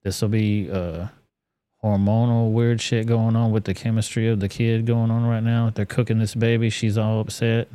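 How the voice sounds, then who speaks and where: A low, mellow-voiced man hosts a live stream in a loose, profane, offhand way. His delivery stays flat, and the sound is dry and close. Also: moderate pace, no room sound. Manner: casual and profane, loose with fillers. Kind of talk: casual live-stream commentary.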